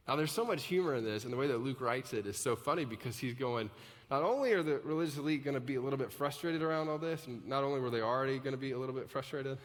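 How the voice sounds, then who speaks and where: A man's voice: medium pitch, a bit bright. A male pastor preaching a live sermon in a conversational style that builds to emphatic peaks. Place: large church auditorium. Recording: live hall reverb.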